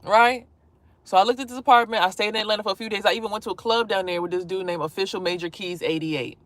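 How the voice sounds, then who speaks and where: A woman vlogger telling a personal story in a casual, animated way, swearing freely and acting out what people said. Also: medium pitch, fast talker. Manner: animated, profane, acts out quotes.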